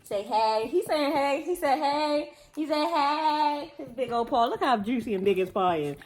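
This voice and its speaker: A woman's voice: high voice, expressive, moderate pace, darkish tone. Playful woman chatting to her dogs. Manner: playful, laughs often, baby-talks to her dogs. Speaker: vlogger. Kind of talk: casual vlog chat. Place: at home.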